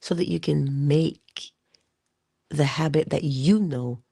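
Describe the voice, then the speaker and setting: A woman giving an inspirational monologue to her listeners. She speaks deliberately, addresses them directly and drops into whispers for emphasis. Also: deep voice, creaky, dark tone, husky, no room sound, studio quality. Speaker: motivational speaker.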